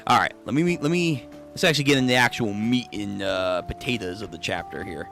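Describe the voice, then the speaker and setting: A man reacting out loud during a casual comic read-through, swinging his pitch all over as he exclaims in disbelief and swears freely. His voice is bright and forceful and sits a little high. Soft music plays faintly underneath. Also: expressive, brisk, creaky.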